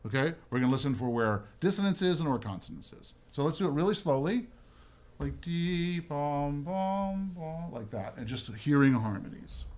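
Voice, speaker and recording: A man leads a hands-on violin workshop in a room with musicians playing, chatting, singing phrases and often checking in with "right?" and "okay?" as he coaches. His medium-pitched voice is very animated and fast, with hardly any pauses and slight background noise.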